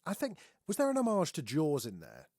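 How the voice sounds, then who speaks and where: A man's voice: fairly high pitch, wildly swooping pitch, fairly quick, a little mellow, dry recording. Man, podcast co-host, casual rambling chat, swears, dry sound.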